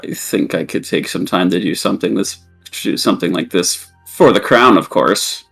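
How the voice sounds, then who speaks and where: A man's voice: low-pitched, normal speed, vocal fry, fairly bright tone, breathy edge, soft background music, pitched below the performer's own voice, heavily acted. A man doing a laid-back elf traveler. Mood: casual.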